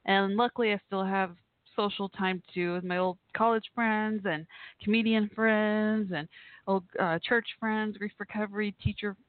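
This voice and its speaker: A woman's voice: medium pitch, fairly even intonation, normal speed, no echo. A woman hosting a live call-in show from home, gushing and laughing often. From Texas. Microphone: home setup. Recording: tinny phone-like line.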